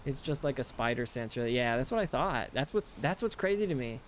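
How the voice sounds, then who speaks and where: A man's voice: mid-range voice, animated, a little fast, a little hiss or hum. An American man chatting casually with his stream chat while playing a game, rambling and talking things through as he goes. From United States.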